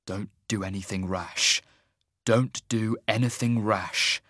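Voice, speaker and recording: A man's voice: lowish voice, normal speed, a bit bright, no echo, clean studio sound, close to an everyday voice. Man voicing a bitter, scorned half-mage. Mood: strained. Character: bitter 35-year-old male half-mage, scorned outcast.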